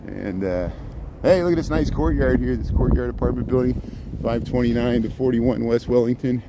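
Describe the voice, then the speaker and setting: A man's voice: mid-range voice, moderate pace, very noisy. Chatty middle-aged man streaming while walking. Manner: rambling, chatty, greets viewers by name. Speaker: live-streaming walking vlogger. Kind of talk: casual live-stream narration. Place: outdoors on a city street. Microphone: phone held while walking.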